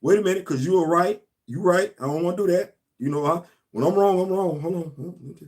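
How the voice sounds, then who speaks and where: A man's voice: sits high, a little fast, darkish tone. Laid-back man chatting on a live stream. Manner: laid-back, talks straight to viewers, repeats phrases, trails off. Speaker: toy collector vlogger hosting a live stream. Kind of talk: casual live stream unboxing chat.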